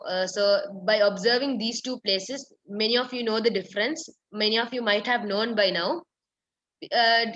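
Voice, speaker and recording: Woman, patient online recitation teacher who drills words one by one; slightly high voice, muffled stream audio. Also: fairly bright tone. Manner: repeats words slowly, correcting pronunciation step by step. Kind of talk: online tajweed lesson.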